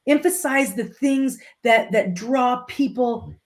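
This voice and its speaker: A woman's voice: a little high, slow pace. A woman from Litchfield, Illinois, a podcast guest telling a motivational story and repeating her key phrases for emphasis.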